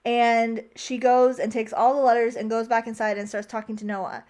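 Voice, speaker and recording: A woman's voice: fairly high pitch, little pitch movement, moderate pace, a little mellow. A young woman recapping a movie in a casual, chatty way, opinionated and full of "like". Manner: chatty, heavy use of "like", opinionated. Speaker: vlogger.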